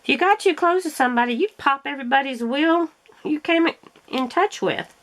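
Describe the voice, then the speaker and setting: Middle-aged woman, craft vlogger, relaxed chatty storyteller who laughs a lot, voice on the higher side. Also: fairly quick. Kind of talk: casual chat while crafting.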